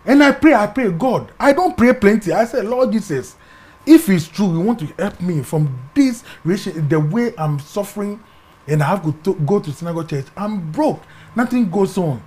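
A middle-aged man with a Ghanaian English accent, telling his personal story as an interview guest, animated and acting out the voices in it, often dropping to a hush. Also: high-pitched, moderate pace.

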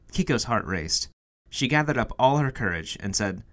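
A man's voice: mid-range voice, expressive, moderate pace, hardly any pauses, fairly bright tone. A man reading a children's picture book aloud for a museum storytime, telling it expressively. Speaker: storytime reader.

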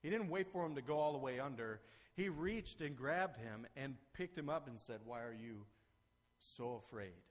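A man preaching a sermon as pastor, earnest and conversational, rising to emphatic peaks and then dropping soft. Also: on the high side, expressive, normal speed. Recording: long reverb of a church hall.

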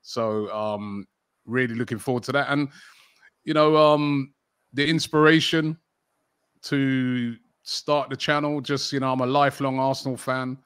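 A man's voice: mid-range voice, fairly even intonation, a little slow, a bit bright, clean tone, dry recording. Chatty English man, dry close sound. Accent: London English. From England. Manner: chatty, frequent fillers and restarts. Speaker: football channel host, interview guest. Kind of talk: casual interview conversation.

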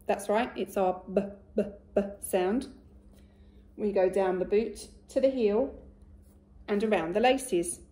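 A woman teacher giving a recorded phonics lesson to young children, speaking slowly and clearly and praising often. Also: mid-range voice, dark tone. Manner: slow, clear and encouraging, with much praise. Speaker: primary school teacher.

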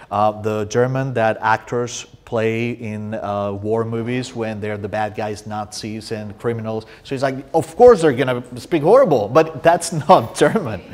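A man from Spain with a Spanish accent, a poetry translator answering audience questions, with lively storytelling and frequent restarts. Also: fairly low pitch. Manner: restarts often, animated storytelling. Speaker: poetry translator and guest speaker. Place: university room.

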